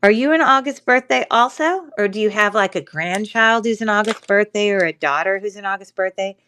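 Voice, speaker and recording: A woman's voice: medium pitch, a little fast, sharp tone, clear, resonant tone. A woman with a stuffy nose from a cold, chatting casually with many ums while running a live jewelry auction. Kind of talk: casual live-stream selling chat.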